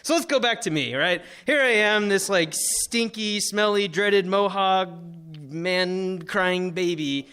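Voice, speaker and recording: A young man from Florida telling an emotional personal story on stage, animated, full of likes and fillers. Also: sits high, takes it slowly, few pauses, clean tone. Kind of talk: live personal storytelling talk.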